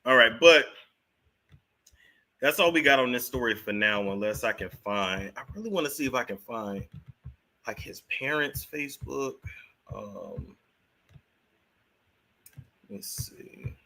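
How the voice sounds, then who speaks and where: A man's voice: mid-range voice, animated, moderate pace, vocal fry, long pauses, bright, forceful tone. A man hosting casual gossip commentary, chatting to his viewers and laughing often. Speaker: celebrity gossip host.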